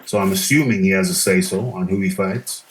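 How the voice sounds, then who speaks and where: A man's voice: sits low, brisk, a little hiss or hum, rough recording. A man hosting a live boxing chat show, musing casually and reading out viewer comments. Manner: relaxed, musing, reads viewer comments aloud.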